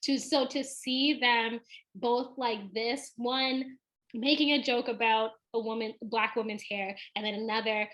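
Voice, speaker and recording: A woman co-hosts a relaxed chat with a slightly high voice. She talks earnestly and leads the discussion, often trailing off mid-thought and starting again. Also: measured pace. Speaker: podcast co-host. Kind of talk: casual chat.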